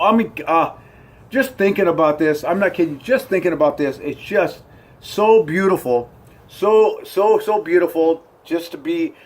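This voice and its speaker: Sitting out on his porch, a middle-aged man from the United States vlogs to camera, his voice pitched a bit above the typical male range. His talk is cheerful, relaxed and rambling, full of ums and uhs, restarts and circling back.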